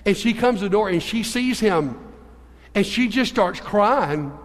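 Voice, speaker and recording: A man preaching a sermon as a pastor, telling stories in an animated way and moving between hushed and emphatic delivery. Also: high-pitched, unhurried, long reverb tail. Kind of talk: sermon with storytelling.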